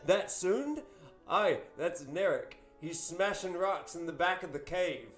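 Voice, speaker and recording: A man's voice: high-pitched, expressive, measured pace, a bit bright. Man recapping a Bible study in an echoey room. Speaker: streamer and Bible study host. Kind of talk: short video Bible study narration. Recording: roomy old video with guitar music.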